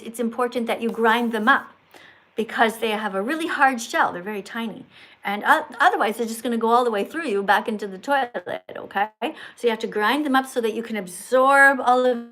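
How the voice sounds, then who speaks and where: A woman's voice: sits high, a bit bright, rough recording. An older woman hosting a livestream, talking to callers in an emphatic, scolding, teacherly manner. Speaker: livestream host.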